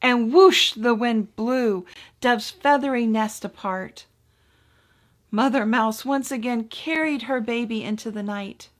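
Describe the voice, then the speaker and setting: Slow, gentle woman storyteller. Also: on the high side. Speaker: minister. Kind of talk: storybook reading for a congregation.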